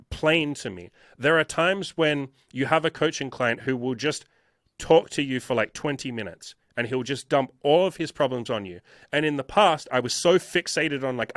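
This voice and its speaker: Guy dating coach talking it out, bright forceful voice, repeats himself a lot, swears, dry close mic. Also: medium pitch, normal speed, no room sound. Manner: emphatic and repetitive, frequent swearing. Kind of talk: casual interview talk.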